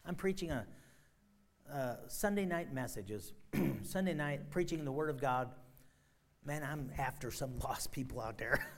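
A middle-aged man preaching a sermon as pastor, emphatic, with sudden loud rises and soft drops. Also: mid-range voice, animated, measured pace.

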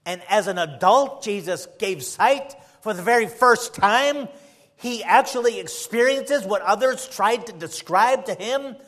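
High-voiced impassioned male preacher. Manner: impassioned, rhetorical questions, swings between loud and soft. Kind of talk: sermon.

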